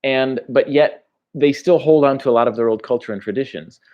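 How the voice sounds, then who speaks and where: A man's voice: mid-range voice, fairly quick, lo-fi sound, noisy background. An American man, a travel vlogger, chatting casually on a livestream as he reads viewer comments, rambling and laughing between thoughts. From United States.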